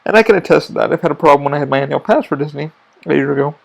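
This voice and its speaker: Gravelly, cursing theme park podcaster man. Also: on the high side, very fast. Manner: profane, rambling, restarts often. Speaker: podcast host. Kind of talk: rambling casual monologue.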